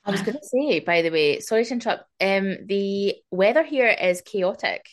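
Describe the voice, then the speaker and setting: A woman's voice: medium pitch, animated, normal speed. A woman co-hosting a podcast in casual chat, joking and swearing freely, saying she is tired. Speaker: podcast co-host.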